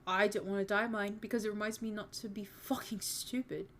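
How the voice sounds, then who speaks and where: A woman reading the lines of a remorseful older brother from a fan story, quiet and earnest. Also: mid-range voice, fairly even intonation, fairly quick, slight background noise, lightly acted. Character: older brother, young man, remorseful and gentle. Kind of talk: reading fan fiction aloud on stream.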